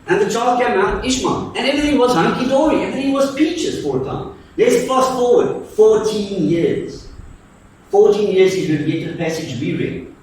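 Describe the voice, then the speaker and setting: A man's voice: high-pitched, animated, normal speed, a little mellow, a little hiss or hum. A man preaching a sermon and telling the story playfully, acting out its voices with jokes. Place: church hall. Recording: echoey church from far off.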